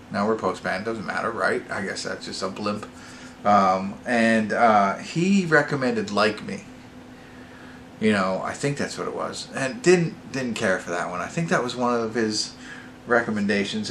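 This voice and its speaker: A man's voice: lowish voice, slight background noise. A man hosting a casual movie review vlog, talking in a meandering way, correcting himself and getting worked up as he goes. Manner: meandering, self-correcting, gets excited. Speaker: movie reviewer, channel host.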